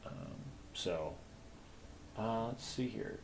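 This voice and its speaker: Man, game master hosting a panel, low pitch, gravelly fry, rambling casual chat, faint background noise. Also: expressive, very slow. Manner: rambling, self-deprecating, many fillers. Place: convention stage panel.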